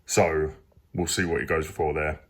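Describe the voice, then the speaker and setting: Husky exasperated football fan. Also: male voice, very deep voice, little pitch movement, measured pace. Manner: exasperated, rambling, rising emphatic outbursts. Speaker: football fan channel host. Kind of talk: casual match review to camera. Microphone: phone.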